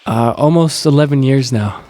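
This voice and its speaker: A teenage boy with a Canadian accent answers a podcast host in short, easygoing replies. His pitch sits in an ordinary middle range. A long room reverb hangs on his voice. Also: normal speed, warm tone. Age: teens. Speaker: guest, swimmer. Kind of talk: casual interview answers.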